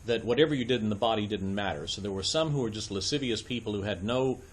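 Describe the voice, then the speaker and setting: A fast-talking man with a lowish voice leads a church adult education lecture in a classroom. He explains each step, often saying "um" and "uh," and asks if listeners are following.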